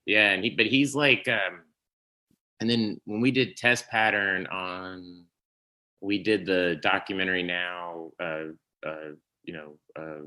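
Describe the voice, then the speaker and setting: A man's voice: low voice, slow pace, low-quality recording. A man in his forties, a podcast guest, telling stories casually and slipping into impressions of people. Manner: animated storyteller, slips into impressions of people. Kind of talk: casual chat.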